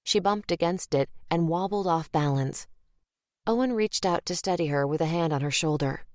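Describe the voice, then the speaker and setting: Low-voiced woman narrating an audiobook. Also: moderate pace, no room sound, studio quality. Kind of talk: scripted narration.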